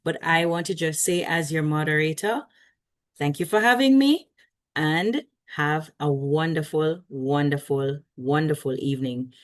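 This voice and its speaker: A woman's voice: sits low, a little slow. A Jamaican woman moderating an online conference, wrapping up with chatty thanks and frequent laughter over a video call. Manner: chatty, warm, laughs often. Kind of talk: casual closing remarks.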